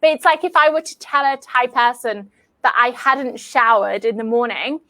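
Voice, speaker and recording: British woman, high voice, chatty, casual conversation, lots of "like". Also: normal speed, fairly bright tone. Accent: British English. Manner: chatty, fills talk with "like". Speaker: English teacher and host. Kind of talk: casual chat.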